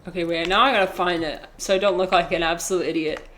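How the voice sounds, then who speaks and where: A woman's voice: lowish voice, steady tone, fast talker, a bit bright, a little hiss or hum. A young woman livestreaming a game, chatting in a rambling, casual way while reading chat. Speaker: streamer.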